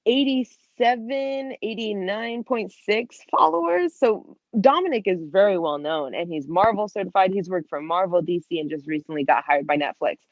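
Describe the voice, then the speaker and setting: A woman in her twenties, an interview guest, telling a lively personal story and acting out what she said back then. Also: medium pitch, moderate pace, hardly any pauses, no room sound, dull audio. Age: 20s. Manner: lively, acts out her own past lines with lots of "like". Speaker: guest artist.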